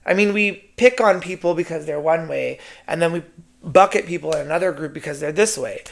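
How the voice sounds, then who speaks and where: Brief: male podcaster, gravelly voice, sassy and foul-mouthed solo talk. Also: on the high side, brisk. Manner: sassy, profane, keeps adding "right?". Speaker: podcast host. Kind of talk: casual solo monologue.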